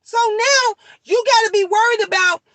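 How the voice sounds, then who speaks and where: A woman's voice: very high-pitched, moderate pace, a bit bright, no echo. A middle-aged woman livestreaming to her viewers in a casual chat, heated and profane, repeating herself for emphasis and answering comments as she goes.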